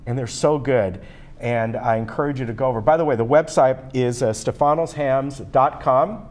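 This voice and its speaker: A man's voice: medium pitch, moderate pace. A man hosting a local television show, chatting upbeat and promotional with a guest. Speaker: TV show host. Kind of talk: local TV interview chat.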